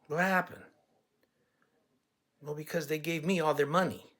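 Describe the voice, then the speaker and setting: With a steady, slightly high and somewhat bright voice, a man campaigning for office in California speaks a little slowly. His campaign talk is direct, blunt and folksy, leaning on stories to drive his points home.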